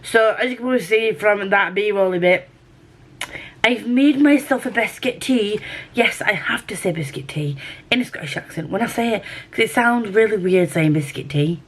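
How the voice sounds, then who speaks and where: A woman's voice: medium pitch, expressive, normal speed. A woman with a Yorkshire accent chatting casually in a book vlog, rambling and correcting herself as she goes. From Yorkshire, England. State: feeling unwell. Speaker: book vlogger.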